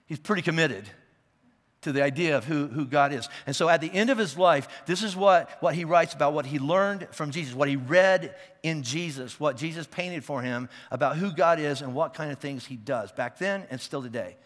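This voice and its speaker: Pastor with a higher voice, hall reverb. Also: male voice, moderate pace, a bit bright. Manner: conversational, checks in with listeners; repeats and restarts words as he thinks. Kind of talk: sermon. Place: church auditorium.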